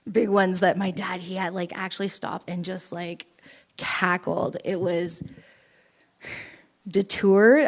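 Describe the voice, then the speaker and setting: A young woman from Canada doing a stand-up set at a small open mic, telling rambling, self-deprecating stories with frequent giggles. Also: medium pitch.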